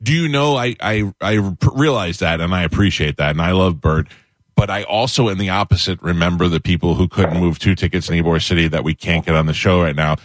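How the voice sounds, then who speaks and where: A man's voice: low voice, brisk, no room sound. A man in his forties hosting a radio show, chatting casually and telling stories bluntly in a radio studio. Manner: chatty storyteller, blunt and grudge-holding. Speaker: radio host. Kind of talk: casual radio interview chat.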